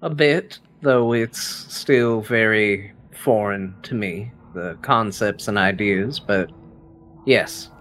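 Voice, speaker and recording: A man's voice: fairly low pitch, takes it slowly, a bit bright, a little hiss or hum. A man playing a tabletop game, answering in character in a hesitant, thoughtful way. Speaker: player.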